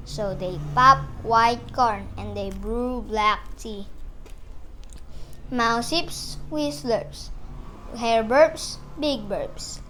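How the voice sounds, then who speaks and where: A woman reading a picture book aloud for children, halting with small stumbles. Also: on the high side, bright, forceful tone, slight background noise. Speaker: storyteller.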